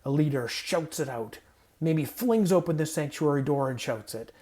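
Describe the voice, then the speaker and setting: Mellow-voiced man giving a playful sermon. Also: fairly high pitch, lively intonation, moderate pace. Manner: conversational and playful, with self-corrections. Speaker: pastor. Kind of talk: casual sermon with scripture reading. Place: home guest room.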